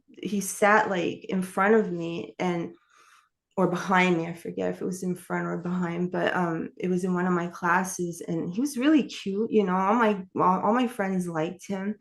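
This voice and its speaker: A woman's voice: lowish voice, vocal fry. A woman telling her life story in an interview, candid and rambling, with many fillers and restarts. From New York. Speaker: author and interview guest.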